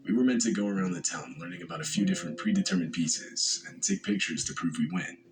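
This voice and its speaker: Very deep-voiced male narrator. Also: animated, quick pace, background noise. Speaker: horror story narrator. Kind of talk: scripted narration.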